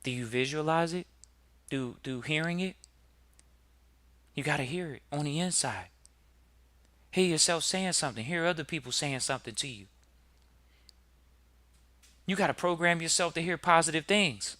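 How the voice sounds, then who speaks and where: A man hosting a podcast, giving a motivational talk full of rhetorical questions to listeners and building to loud emphatic peaks. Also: fairly high pitch, moderate pace, long pauses, no room sound. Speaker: podcast host.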